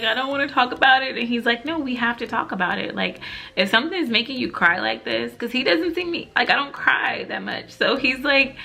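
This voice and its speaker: A woman's voice: a little high, vocal fry, pushed and bright. A young woman vlogger chatting casually to camera with lots of fillers, laughing as she tells stories.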